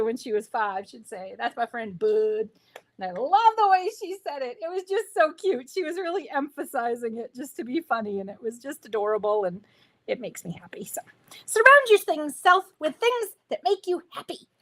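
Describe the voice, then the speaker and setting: A woman hosting a live crafting stream, chatting with viewers in a bubbly, enthusiastic way while she works. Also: high voice. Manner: talks to viewers while working. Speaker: craft livestream host. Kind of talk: live crafting demo chat.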